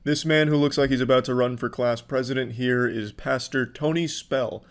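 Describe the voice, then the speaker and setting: A man's voice: mid-range voice, fairly even intonation, moderate pace. A man giving sarcastic video commentary, mock-sincere and swearing often.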